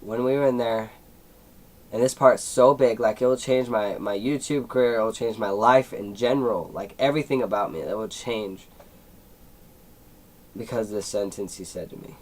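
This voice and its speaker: A man's voice: fairly low pitch, normal speed, poor audio. A seventeen-year-old young man telling a personal story in a casual vlog, rambling with many fillers and at times emotional. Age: teens. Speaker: YouTuber.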